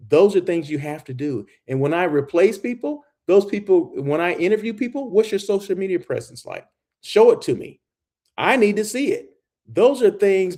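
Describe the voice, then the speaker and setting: Man, middle-aged, somewhat high voice, emphatic, live-stream host, casual chat. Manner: animated, emphatic, keeps asking "okay?" and "right?". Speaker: host of a daily hospitality show.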